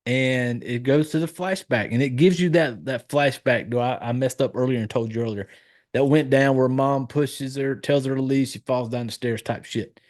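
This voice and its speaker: A man's voice: mid-range voice, normal speed, a little mellow. A man hosting a horror podcast, recapping a movie in a loose, rambling way, swearing freely and correcting himself as he goes. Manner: loose, profane, rambling with fillers and self-corrections. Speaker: podcast host.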